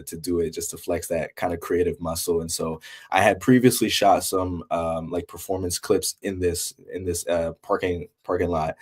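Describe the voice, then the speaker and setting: A man talking as the guest artist in a casual interview, reflective and loose, with many fillers. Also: low-pitched.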